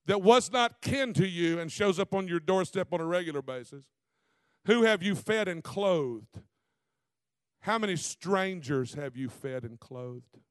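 A middle-aged man, preaching a sermon in a folksy, animated way full of rhetorical questions. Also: high-pitched, dry recording. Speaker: visiting preacher.

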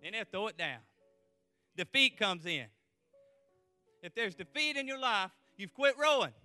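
A man preaching a fervent revival sermon, repeating refrains and letting out whooping shouts. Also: high voice, very animated, unhurried, no room sound, soft background music. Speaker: pastor.

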